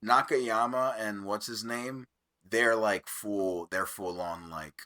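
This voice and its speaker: A man's voice: on the low side, fairly even intonation, slow, sharp tone. A man co-hosting a casual podcast, bantering in slang. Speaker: podcast co-host. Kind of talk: casual gaming podcast chat.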